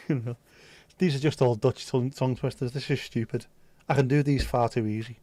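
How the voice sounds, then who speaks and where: A man's voice: mid-range voice, fairly even intonation, moderate pace, darkish tone, no echo. A man with a Liverpool accent hosting a livestream, chatting casually in a jokey, rambling way. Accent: Liverpool (Scouse). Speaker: livestream host.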